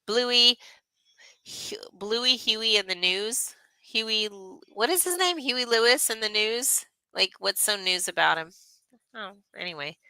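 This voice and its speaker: A woman's voice: on the high side, lively intonation, a little slow, sharp tone, smooth, dry recording, low-quality recording. A woman in her thirties hosting a casual craft livestream, chatting in a rambling way and reading viewer comments aloud.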